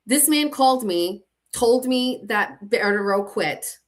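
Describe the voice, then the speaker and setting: A woman's voice: lively intonation, takes it slowly. A woman hosting her own show, talking bluntly and swearing, her voice rising as she gets indignant. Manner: blunt and swearing, pitch climbing when indignant. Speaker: host. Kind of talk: casual monologue reading text messages aloud.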